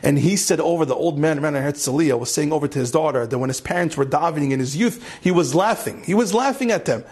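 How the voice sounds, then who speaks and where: High-voiced rabbi telling a story. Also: male voice, quick pace, hardly any pauses, husky. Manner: animated storyteller, repeats phrases, rises to impassioned climax; mixes Hebrew and Yiddish terms into English. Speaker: rabbi giving a Torah class. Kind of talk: storytelling Torah lecture.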